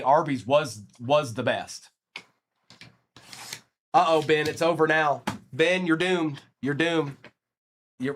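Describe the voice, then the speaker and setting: A man's voice: a little high, a bit bright, slight background noise. A man from Virginia hosting a live card break stream, rattling off player names and chatting with viewers between pulls.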